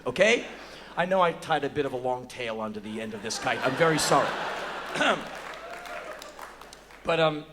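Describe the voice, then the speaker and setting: An American man in his forties telling a profane, animated story on a theater stage, acting out other people's lines in a high voice. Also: a little hiss or hum. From United States. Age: 40s. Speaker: spoken word performer. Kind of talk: live spoken word storytelling. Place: theater stage before an audience.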